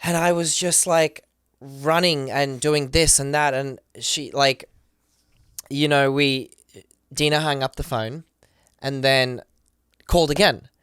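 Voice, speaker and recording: Male podcast guest, animated storyteller, smooth and clean, close and dry. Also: mid-range voice, no room sound. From Australia. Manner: acts out the voices of people he quotes; rapid, excited retelling with many fillers.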